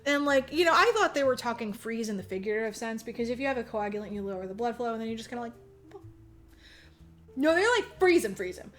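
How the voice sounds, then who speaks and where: A woman's voice: on the high side, fast. A young woman hosting a podcast, recapping a movie in casual chat, laughing a lot, swearing and saying "like" constantly. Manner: animated, laughing, lots of "like" fillers, swearing. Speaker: podcast host.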